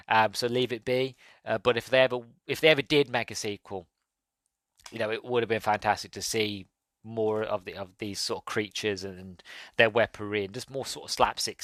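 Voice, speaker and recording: A man's voice: lowish voice, a bit bright, no echo. A man hosting a podcast, casually reviewing a film in a rambling, enthusiastic way with many fillers. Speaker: podcast host. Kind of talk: casual movie review monologue.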